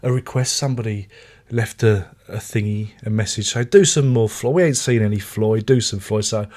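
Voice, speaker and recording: A man's voice: fairly low pitch, normal speed, darkish tone. A man casually reviewing his record collection, rambling with dry self-mocking jokes. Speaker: album reviewer. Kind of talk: casual chat.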